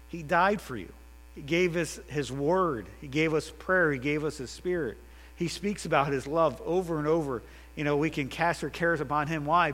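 A man's voice: medium pitch, fairly bright tone. A man preaching a sermon with rising, emphatic repeated phrases, then leading a prayer. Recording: long reverb with mains hum.

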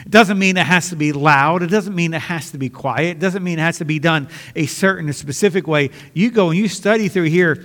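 A man's voice: fairly high pitch, brisk, hardly any pauses, a bit bright, in a large hall. A man preaching a sermon as pastor, earnest and conversational, often restarting his sentences.

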